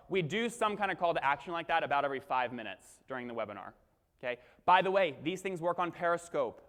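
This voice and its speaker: A young man giving an energetic conference keynote, talking straight to the crowd and acting out his own presenting lines. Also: sits high. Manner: punchy, crowd-engaging, acts out webinar lines. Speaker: keynote speaker. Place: large conference hall. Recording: long hall reverb.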